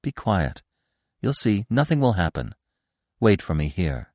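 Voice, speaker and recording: A man reading an audiobook, voicing a young male deer who speaks earnestly and gently. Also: fairly low pitch, sing-song, unhurried, dry recording, clean studio sound.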